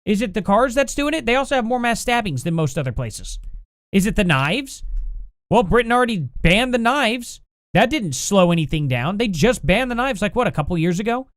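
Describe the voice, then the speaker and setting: A man's voice: sits high, expressive, moderate pace, fairly bright tone, no room sound. A man hosting a live stream, reading chat aloud and answering it with combative, sarcastic, exasperated rants, plainly angry. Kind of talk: heated live-stream commentary.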